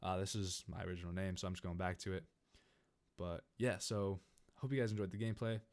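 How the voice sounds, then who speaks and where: Young man, from California, slightly low voice, casual storytime, rambling, animated, restarts. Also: fairly quick. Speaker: gaming channel host. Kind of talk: casual storytime narration over gameplay.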